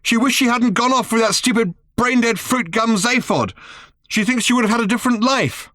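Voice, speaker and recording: A man voicing an angry, explosive young girl raised far from Earth, who bursts into shrill shouting. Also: normal speed, dry recording, clean studio sound. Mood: bitter.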